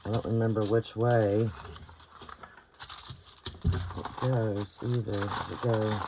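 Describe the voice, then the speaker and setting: A woman's voice: extremely low pitch, fairly even intonation, slow pace, noisy background. Tired West Virginian woman rambling while crafting. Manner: rambling, thinks aloud, searches for words. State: tired late at night. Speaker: bookbinding crafter hosting her channel. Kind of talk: casual hands-on craft tutorial. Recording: clear crinkling paper and clicking sounds behind.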